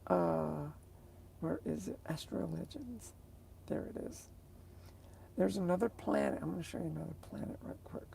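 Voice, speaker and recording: A woman's voice: lowish voice, moderate pace, vocal fry, pauses often, dark tone, slight background noise. A woman vlogger chatting casually to her viewers, rambling and hesitant as she searches for words.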